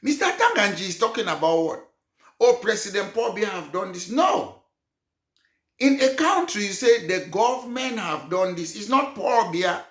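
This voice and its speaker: A man's voice: high-pitched, fairly bright tone. A man from Cameroon, a political party leader giving an emphatic address to an audience and posing rhetorical questions. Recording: roomy echo.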